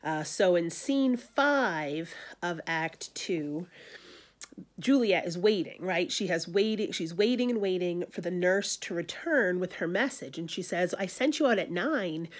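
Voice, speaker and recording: A woman's voice: lowish voice, unhurried. A woman teacher explaining the scenes of a play in a conversational lesson, full of "you know" fillers.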